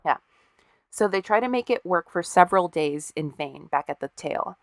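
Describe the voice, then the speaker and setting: A woman's voice: lowish voice, lively intonation, moderate pace, no room sound, studio quality. A woman co-hosting a podcast, casually telling a story with wry, profane asides and acted-out quotes. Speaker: podcast co-host.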